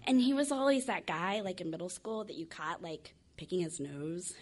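A woman telling a funny personal story, animated and acting out the other people's voices. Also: on the low side, normal speed. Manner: animated, acts out voices, laughs while telling. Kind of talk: comic storytelling.

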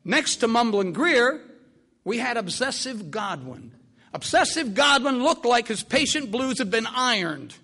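Older male storyteller, high bright voice, very lively delivery. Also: measured pace. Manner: animated, vivid, repetitive. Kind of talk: spoken storytelling.

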